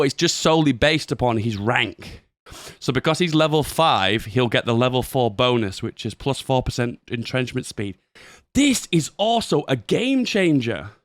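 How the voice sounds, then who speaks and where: Guy hosting a gaming channel, lively swoopy delivery, dry close sound, laughs and swears. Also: medium pitch, no echo. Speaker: gaming YouTuber. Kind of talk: casual commentary on a game update.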